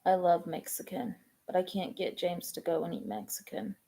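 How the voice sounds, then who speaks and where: A woman, chatting casually on a live stream, rambling and halting with many ums and restarts. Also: fairly low pitch, steady tone, creaky, dark tone. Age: 20s.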